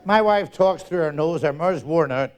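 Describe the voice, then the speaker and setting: An older man with a Northern Irish accent and a high voice tells jokes in a live stand-up set. He talks fast, acts out every character in the dialogue, and punches the lines hard. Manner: rapid joke-telling, acting out characters in dialogue. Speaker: stand-up comedian. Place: live theatre stage.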